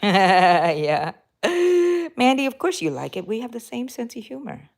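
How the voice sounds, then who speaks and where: A woman's voice: medium pitch, expressive, unhurried, vocal fry. Chatty woman hosting a crochet livestream. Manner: chatty and warm toward viewers, rambling with fillers and self-corrections; talks while crocheting. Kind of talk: casual live-stream chat reading out viewer comments.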